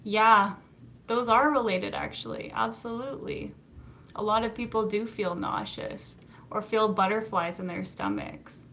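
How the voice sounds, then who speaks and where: A woman's voice: medium pitch, steady tone, measured pace, bright, forceful tone, slight background noise. A young adult woman, a psychotherapist, chatting casually on a live stream, reading viewer comments and laughing often. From Canada.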